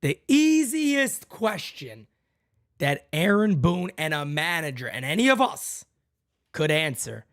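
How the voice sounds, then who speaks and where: A man's voice: on the high side, sing-song, slow pace, dry recording. Ranting man podcast host, dry sound. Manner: heated, blunt, profane ranting; talks straight to listeners as "guys" and "folks". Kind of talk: fan rant podcast.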